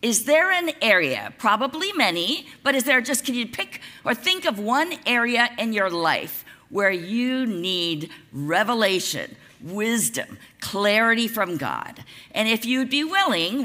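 Lively, bright-voiced woman preaching. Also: on the high side, unhurried. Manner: conversational, lively preaching with casual asides. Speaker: pastor. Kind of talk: sermon.

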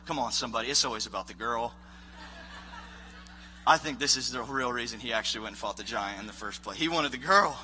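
A man preaching a casual, animated sermon as a youth pastor, acting out voices of characters. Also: mid-range voice, brisk, a little hiss or hum.

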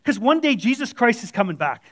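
High-voiced blunt male preacher. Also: big pitch swings, fairly quick, a bit bright, no room sound, clean studio sound. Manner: blunt, conversational, acting out quoted voices. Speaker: church elder preaching. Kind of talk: informal sermon. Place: church room with audience.

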